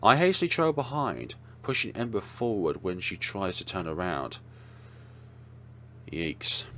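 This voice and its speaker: A man's voice: on the low side, big pitch swings, moderate pace, bright, forceful tone. A man hosting a let's play, reading a horror visual novel aloud with dramatic storytelling and wry asides.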